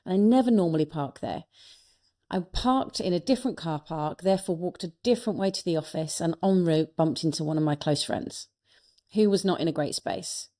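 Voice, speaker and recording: Earnest low-voiced woman telling a story. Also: fairly quick. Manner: warm, earnest storytelling with frequent restarts. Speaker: guest, speaker and coach. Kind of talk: reflective storytelling in a podcast interview.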